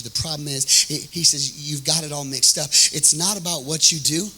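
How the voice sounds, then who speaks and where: A man preaching a sermon in a sing-song, chanting cadence, acting out voices from scripture and breaking into shouts. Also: medium pitch, fairly even intonation, normal speed, few pauses, breathy edge, low-quality recording. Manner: acts out biblical voices in quotes. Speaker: pastor.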